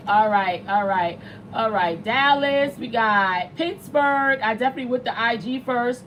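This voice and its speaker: A slightly high-voiced woman in her late thirties hosts a casual livestream. She talks bluntly and chattily as she reads viewers' comments aloud. A faint hum of noise sits behind her voice. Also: moderate pace, a bit bright, poor audio. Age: late 30s. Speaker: show host.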